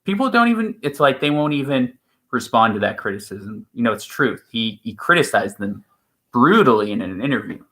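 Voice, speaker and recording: A man's voice: mid-range voice, sing-song, a little fast, pushed and bright. A man co-hosting a stream in casual chat, rambling and opinionated, with many restarts. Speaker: stream co-host.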